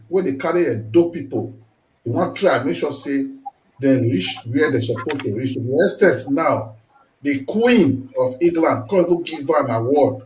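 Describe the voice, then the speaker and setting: Nigerian host with a lively high voice. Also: male voice. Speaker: talk show host. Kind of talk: interview questions in Pidgin. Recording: echoey room with faint noise.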